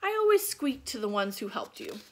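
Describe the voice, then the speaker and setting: A woman reading as a gentle wise enchantress. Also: mid-range voice, a little fast, slight background noise, lightly acted. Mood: calm. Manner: soft, calm storybook reading.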